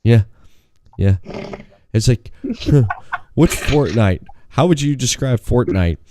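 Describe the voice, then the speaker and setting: A man co-hosting a podcast, ranting in a profane, animated way and acting out quotes in a raised voice. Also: medium pitch, slow, noisy background. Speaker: podcast co-host. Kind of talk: casual podcast chat.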